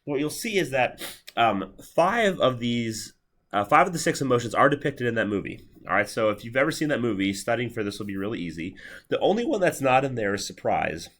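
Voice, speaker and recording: A man's voice: mid-range voice, sing-song, a little fast, fairly bright tone. A man in his thirties giving a university lecture in a lecture hall, talking casually with many fillers and restarts. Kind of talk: classroom lecture.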